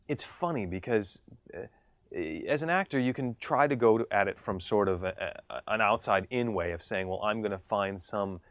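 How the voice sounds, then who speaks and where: A voice actor from the United States with a mid-Atlantic accent, speaking in an articulate, measured and slightly elevated way in an interview. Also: male voice, lowish voice, no room sound.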